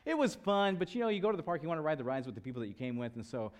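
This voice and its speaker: A pastor in his thirties preaches a sermon in a slightly high, rapid-fire voice. He tells a story and acts out its characters with animated voices for the people he quotes.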